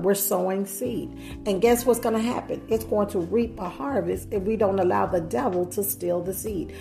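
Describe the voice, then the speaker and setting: A woman's voice: medium pitch, creaky. A woman preaching a sermon earnestly, putting rhetorical questions to her listeners.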